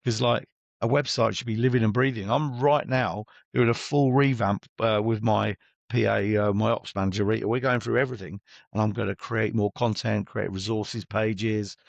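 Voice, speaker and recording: A man's voice: lowish voice, fairly even intonation, normal speed, gravelly, no echo. A middle-aged man, a business coach, talking bluntly and chattily as an interview guest and acting out his exchanges with clients.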